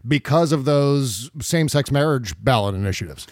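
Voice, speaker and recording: A male podcast host talks politics with a wry, profane edge and frequent laughter. His intonation swings widely through a middling pitch. The sound is dry and close. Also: animated, normal speed, no echo. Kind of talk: political chat. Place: at home.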